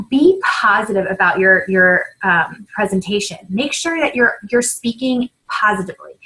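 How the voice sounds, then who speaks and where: A woman in her thirties giving an upbeat coaching talk to new sellers, with frequent "right?" and "um", acting out sample sales pitches. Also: fairly bright tone, low-quality recording. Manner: upbeat, repeats points with "right?" and "um". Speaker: team leader training new sellers.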